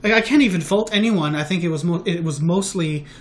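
A man hosting a podcast, talking candidly in a casual chat, halting and restarting often. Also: high voice. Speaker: podcast host.

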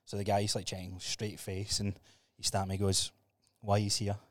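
Male host, low-ish voice, easygoing banter, dry recording. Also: normal speed, no room sound. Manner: relaxed, jokey, laughs along. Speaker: podcast host. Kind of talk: casual chat.

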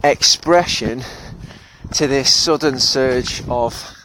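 A man talks through his feelings in a loose, reflective monologue, stopping to rephrase and often laughing at himself. His voice sits at an ordinary middle pitch. A faint hiss of noise hangs behind him. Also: slow pace, bright, forceful tone. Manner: thoughtful and self-deprecating, with frequent laughs and fillers. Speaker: podcast host and therapist. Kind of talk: reflective solo podcast monologue.

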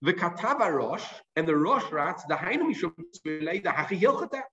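A man's voice: high voice, big pitch swings, a little fast, fairly bright tone, lo-fi sound, soft background music. A man teaching a Talmud class. He reads out Hebrew and Aramaic phrases and then explains each one in plain English.

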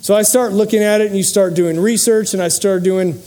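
Earnest, warm-voiced man giving a talk. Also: sits high, steady tone, brisk. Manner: storytelling, humorous, earnest. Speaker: motivational speaker and podcast host. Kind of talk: motivational speech to a live audience. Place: in front of a live audience.

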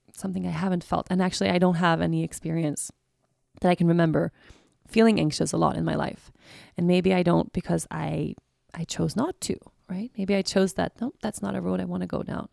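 A woman's voice: lowish voice, vocal fry, a little mellow, dry recording, clean studio sound. A woman hosting a podcast, talking candidly and searchingly about her feelings, often restarting and circling back. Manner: candid, searching, many restarts and "you know". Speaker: podcast host. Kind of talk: reflective personal monologue.

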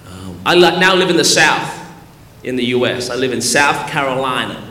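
A man's voice: mid-range voice, big pitch swings, moderate pace, pushed and bright. A man preaching a sermon with fervor, calling out to the congregation and often repeating words as he ad-libs. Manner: fervent, calls out to the congregation; stumbles and repeats words when ad-libbing. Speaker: pastor. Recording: echoey hall with long reverb.

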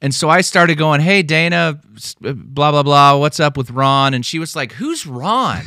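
A man's voice: on the high side, steady tone, moderate pace, pushed and bright, dry recording, clean studio sound. A man co-hosting a casual podcast, telling stories full of fillers and restarts. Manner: rambling storytelling with many fillers and restarts. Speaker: podcast co-host.

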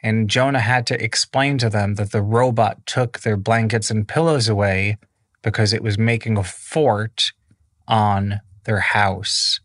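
A man's voice: lowish voice, unhurried, a bit bright, no room sound, studio quality. A man improvising a children's bedtime story in a casual, rambling way with many fillers.

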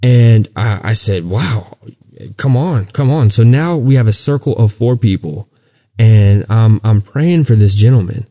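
Speaking at a measured pace in a lowish, warm voice, this podcast co-host gives a casual testimony of his faith. He is earnest but frequently trips over words and restarts, and the audio is lo-fi.

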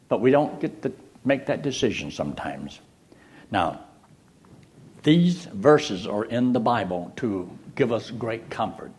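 A man's voice: mid-range voice, measured pace. An older man preaching a sermon, telling folksy stories and jokes between Bible verses. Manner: folksy, animated storyteller with jokes. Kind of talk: sermon with storytelling.

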